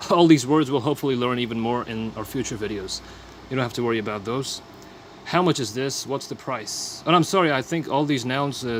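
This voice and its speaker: A man's voice: medium pitch, a little hiss or hum. A man teaching vocabulary in a casual lesson, repeating each phrase and explaining the words plainly. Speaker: language teacher.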